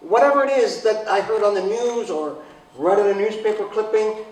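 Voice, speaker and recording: A man with a fairly high voice tells a funny personal story from a stage, dry and sarcastic, and now and then he bursts out loud and excited. He is heard from a distance in a very echoey hall, with faint noise behind him. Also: normal speed. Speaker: speaker giving a talk. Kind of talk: humorous personal talk.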